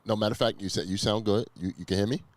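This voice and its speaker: A man hosting a video-call interview, telling stories in an animated, hyped-up way. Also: fairly low pitch, racing. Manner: animated storyteller, hypes things up. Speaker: host. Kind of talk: casual interview.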